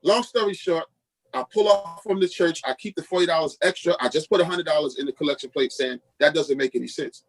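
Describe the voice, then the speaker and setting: A middle-aged pastor from Queens, New York, appears as a podcast guest, telling a personal testimony. He's a lively storyteller who acts out the voices of the people he quotes. His voice is on the high side and he talks fast, in a rough recording.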